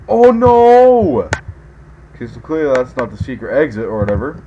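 A man giving let's play commentary as a gaming video host, excitable, yelping and groaning at every mishap. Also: mid-range voice, normal speed, lo-fi sound, a little hiss or hum.

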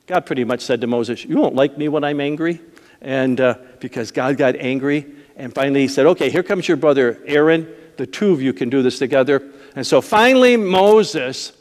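A man preaching a sermon as a pastor, telling stories in a conversational way and acting out the voices of the people in them. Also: on the high side. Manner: conversational storytelling with acted-out voices and laughs. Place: church sanctuary. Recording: long hall reverb.

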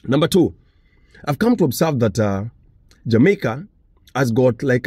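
A man's voice: medium pitch, very animated, unhurried, pauses often, a little mellow, slightly rough, no room sound. A man from Africa talking casually to the camera, earnest and repeating his points. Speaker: commentator.

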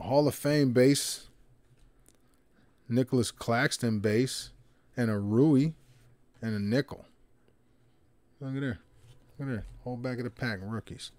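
A man's voice: medium pitch, unhurried, pauses often, no echo. Slangy man opening cards, dry close mic. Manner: slangy, excited, mutters asides under breath. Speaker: card break host. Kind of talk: casual card-opening commentary.

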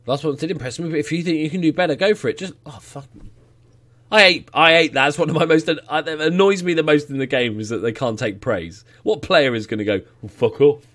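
A man casually commentating his football management game, getting excited, cheering goals and swearing now and then. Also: fairly high pitch, a little fast. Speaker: let's play gamer.

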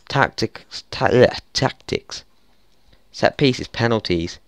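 At a moderate pace, a young YouTuber commentates his football management let's play, his low, smooth voice captured close and dry with no room sound. Frustrated, he curses and lets out exasperated shouts at his team.

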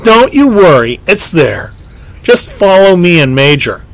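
A man voicing a mysterious, sly boy who speaks smoothly and mockingly. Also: sing-song, unhurried, dry recording, heavily acted. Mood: reassuring. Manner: silky, mocking, sometimes shrill.

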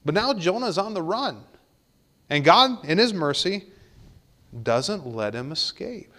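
A man's voice: high voice, sing-song, unhurried, bright, forceful tone. A man preaching a sermon in a church, reading scripture aloud and repeating key words for emphasis. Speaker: pastor. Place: church sanctuary.

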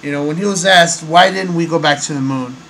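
A man's voice: on the high side, a little fast, fairly bright tone, slight background noise, poor audio. A man hosting a casual monologue, rambling and hesitant with many fillers. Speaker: host.

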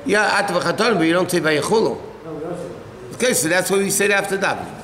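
A man's voice: high-pitched, lively intonation, fairly quick, crowd noise. A man, a rabbi, teaching a religious law class in a conversational, explanatory way and fielding questions from listeners. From United States. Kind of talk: halacha class lecture. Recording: echoey hall.

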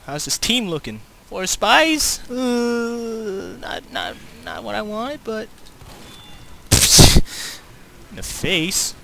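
A young man giving live commentary over an online shooter game, excitable, swearing often and yelping in panic. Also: sits high, slow, gravelly, few pauses, slight background noise. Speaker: gamer.

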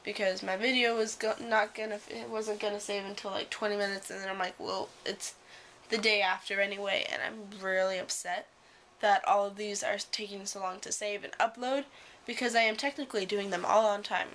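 A woman's voice: mid-range voice, fairly even intonation, brisk, fairly bright tone, slight background noise. A young woman vlogging casually at home, telling a story in a chatty way with lots of fillers. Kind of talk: casual vlog chat. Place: at home indoors.

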